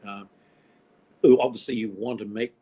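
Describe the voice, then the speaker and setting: Older man, from Australia, interview guest, husky, low-pitched, restarts often, dry humor. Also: fairly even intonation, moderate pace, mellow, low-quality recording. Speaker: film director guest. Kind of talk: casual interview conversation.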